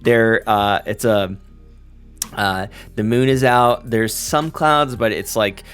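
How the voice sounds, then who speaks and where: A man narrating a tabletop role-playing game as game master, halting often to search for words. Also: on the low side, fairly bright tone, soft background music. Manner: halting, full of fillers and restarts.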